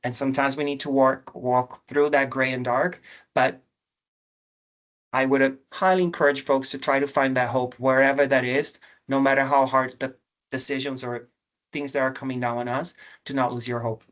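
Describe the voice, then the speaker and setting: Earnest man, flat steady delivery. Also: mid-range voice, moderate pace. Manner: earnest, reflective, openly emotional. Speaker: panelist, government director. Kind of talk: panel discussion. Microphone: video call.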